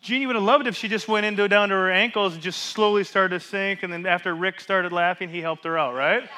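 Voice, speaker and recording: A man preaching a sermon as pastor in a church, asking rhetorical questions and swinging between loud emphasis and hushed drops. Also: sits high, fairly even intonation, fairly quick, hardly any pauses.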